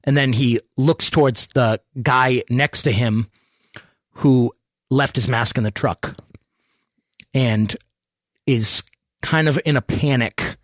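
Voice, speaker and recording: A man playing in a tabletop role-playing game, narrating his character's scene in a slow, halting way. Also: mid-range voice, dry recording, studio quality. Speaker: player.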